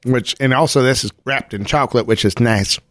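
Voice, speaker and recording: A man's voice: mid-range voice, a little fast, fairly bright tone, dry recording. A man co-hosting a podcast, chatting wryly and teasing his friend as they taste candy. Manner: wry, playful, teasing. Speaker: podcast co-host. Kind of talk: casual chat while taste-testing candy. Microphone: studio microphone.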